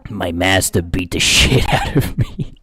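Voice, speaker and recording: A man's voice: low voice, lively intonation, pushed and bright, heavily acted. A man reading as a sad magical doll servant. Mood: rueful. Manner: reads the game's text aloud slowly and plainly.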